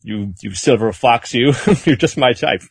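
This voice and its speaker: A man putting on a slow, coy old lady. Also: mid-range voice, vocal fry, breathy edge, no room sound. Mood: flirtatious.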